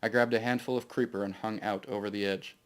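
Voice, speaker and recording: A man reading his own novel aloud to a live audience in steady first-person narration. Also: fairly low pitch, fast talker.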